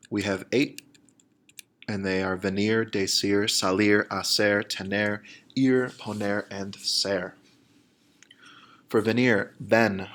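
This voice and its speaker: A man with a fairly low voice, walking students through a recorded lesson. He explains each point step by step in a plain, patient way, and slows down to model the phrases. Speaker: Spanish teacher.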